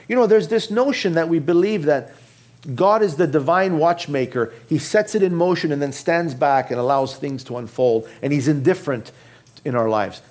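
An earnest male preacher with a high-pitched voice delivers a sermon to his congregation. He speaks to them directly and often sinks low and quiet to drive a point home. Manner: addresses the congregation directly with questions. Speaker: pastor.

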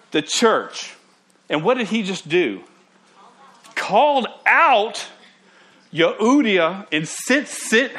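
A young man preaching a sermon to a student ministry, animated and joking, often restarting his words. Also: sits high.

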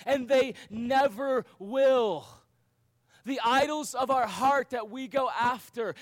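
A man preaching a sermon to young people, earnest, with rhetorical questions and emphatic repetition. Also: very high-pitched. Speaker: youth pastor.

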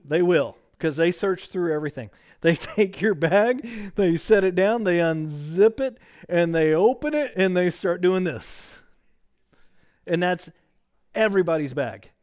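A middle-aged man leads a weeknight Bible class in a church classroom. His voice sits a little high and sounds smooth and resonant. He rambles in a friendly way, cracking jokes, with plenty of ums and restarts. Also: lively intonation, a little slow, darkish tone. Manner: chatty, rambling, joking, many fillers and restarts. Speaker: Bible study teacher. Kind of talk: casual teaching to a small group.

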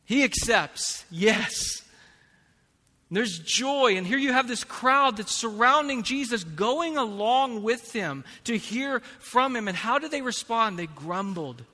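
A man preaching a sermon as pastor, slow and emphatic, swinging between hushed and loud passages. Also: extremely high pitch, expressive. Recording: long reverb of a large hall.

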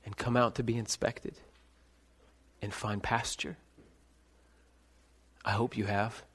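A pastor preaching a sermon, swinging between hushed reflection and loud, ringing calls. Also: male voice, lowish voice, flat delivery, slow, husky. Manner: dramatic shifts between soft and loud, calling out names.

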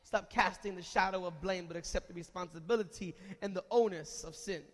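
A man preaching a sermon as pastor of a church, moving between quiet talk and shouted calls to the congregation. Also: sits high, brisk, long reverb tail. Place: church sanctuary.

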